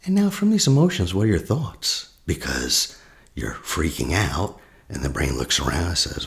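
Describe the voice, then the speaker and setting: Deep gravelly man guiding a meditation. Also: very animated. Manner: slow, soft-spoken, drops into a near whisper. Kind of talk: guided meditation with teaching asides.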